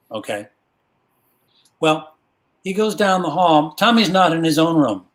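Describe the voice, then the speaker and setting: Animated man telling a crude joke. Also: a little high, measured pace. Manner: animated, shouts the punchy quotes.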